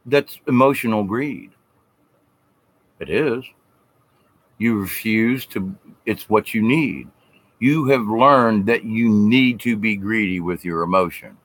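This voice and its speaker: A man's voice: fairly low pitch, slow pace, long pauses, a bit bright. Folksy preachy middle-aged man. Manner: folksy, preachy, mimics people in mocking voices. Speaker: vlogger. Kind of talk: rambling spiritual monologue.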